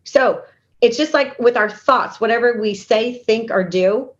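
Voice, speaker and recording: A woman's voice: fairly high pitch, unhurried. A woman speaking as an interview guest and intuitive healer, giving earnest, coaching advice and acting out her inner dialogue. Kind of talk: conversational interview. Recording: dull lo-fi remote audio.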